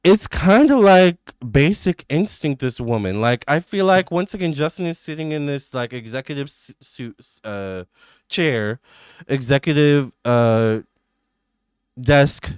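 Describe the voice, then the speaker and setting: A man with a smooth, resonant mid-pitched voice talks through a tarot reading for his audience. He rambles, restarts his sentences and leans on fillers, sounding emphatic and indignant. The sound is dry and close. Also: animated, unhurried, a little mellow, no echo. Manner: rambling, filler-heavy talk with many restarts. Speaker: tarot reader. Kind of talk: casual psychic tarot reading to camera.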